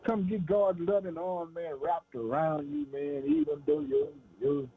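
A man's voice: high voice, lively intonation, unhurried, vocal fry, breathy edge. A man preaching a sermon with fervent, call-out phrasing and frequent laughs. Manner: fervent, calls "boy" and "man", laughs between lines. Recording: tinny phone-like radio sound.

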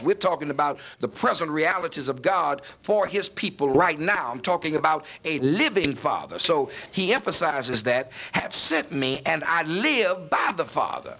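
A man's voice: a little high, creaky, bright, forceful tone. A man preaching a sermon verse by verse, emphatic and building to raised points.

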